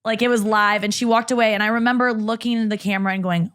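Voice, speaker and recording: A woman comedian, a podcast guest, telling stories in casual chat with animated delivery and casual swearing. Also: a little high, quick pace.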